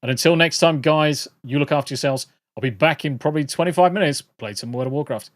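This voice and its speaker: A man's voice: a little high, fast, no echo. A British man hosting a livestream, chatting casually to viewers in a rambling, jokey way and swearing freely. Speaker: livestream host.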